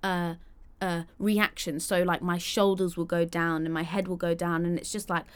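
A woman's voice: on the low side, level tone, normal speed, smooth. A young woman hosting a solo podcast, chatty and candid, acting out quoted voices. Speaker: podcast host.

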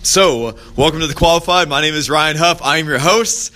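A podcast host speaks at a normal pace with a bright, forceful voice, rambling through a casual motivational talk full of fillers and restarts. When he tells stories, he raises his pitch to act out the people he's quoting.

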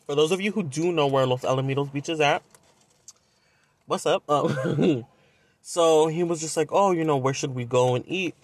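A man's voice: on the high side, moderate pace, dry recording. A young man from Southern California, telling a dating story on a podcast in a blunt, profane, casual way. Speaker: podcast host.

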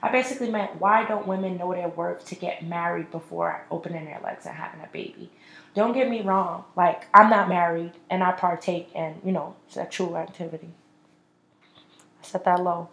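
A woman's voice: fairly low pitch, steady tone, normal speed, a bit bright. A woman in her twenties hosting a solo podcast, ranting bluntly and with lots of profanity. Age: 20s. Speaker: podcast host. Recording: echoey room.

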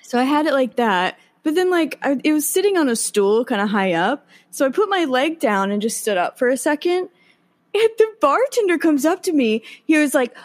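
Giggly higher-voiced young woman. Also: very animated, normal speed. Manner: giggly, laughs often while telling stories. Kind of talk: casual chat.

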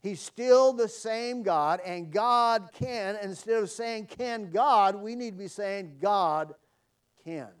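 A man's voice: sits high, takes it slowly, few pauses, smooth, far from the mic. A man preaching an evening sermon, earnest and emphatic with repeated phrases.

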